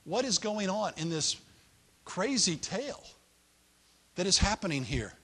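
A man's voice: high voice, very animated, a little slow, a bit bright, breathy edge. A man preaching a sermon in a playful, conversational way with joking asides.

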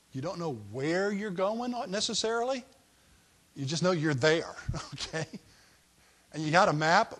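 A man with a high, fairly bright voice preaches a sermon as a pastor. He works through a Bible passage, acting out its people in a raised voice.

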